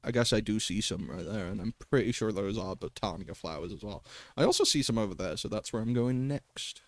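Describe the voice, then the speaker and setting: A man's voice: fairly low pitch, brisk, no echo. A man livestreaming a game in casual commentary, chatty and talking to himself and his pets, swearing and laughing often at a desk microphone.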